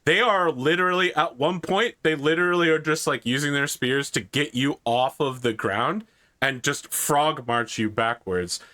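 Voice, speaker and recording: A man's voice: fairly high pitch, pushed and bright. A man narrating as game master of a tabletop role-playing game, casual and wry. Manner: casual, wry, jumps into quick character voices.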